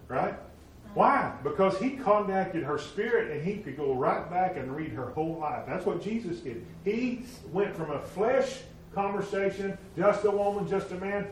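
A man preaching a sermon, retelling stories and acting out the voices of the people in them, moving between loud emphatic lines and hushed ones. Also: high voice, moderate pace. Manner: animated, acts out quoted voices, swings from loud to hushed. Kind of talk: sermon storytelling. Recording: very echoey room, from a distance, faint noise.

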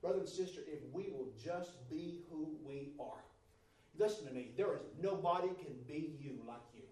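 A man preaching a sermon to a congregation, moving from quiet, steady talk to loud, fervent shouting. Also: fairly high pitch, normal speed, recorded from a distance. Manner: builds from soft to shouting fervor. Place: church service. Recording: roomy church sound from off-mic. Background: congregation responses.

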